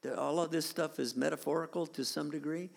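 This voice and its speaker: A man's voice: a little high, steady tone, a little fast, creaky. A man preaching a sermon, reading scripture dramatically and turning to the congregation with conversational asides. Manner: dramatic scripture reading, rising to near shouts. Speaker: pastor. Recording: long hall reverb.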